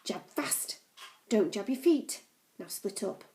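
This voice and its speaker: A woman voicing a brisk, gruff adult male jungle explorer who gives blunt, commanding instructions. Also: mid-range voice, animated, mellow, a little hiss or hum.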